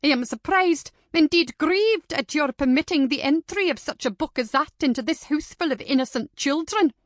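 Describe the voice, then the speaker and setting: A woman's voice: expressive, normal speed, a bit bright, dry recording, clean studio sound. A woman voicing a haughty, easily offended lady of a period household who speaks in a pompous, scandalized manner. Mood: indignant. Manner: pompous, scandalized, raised and shrill.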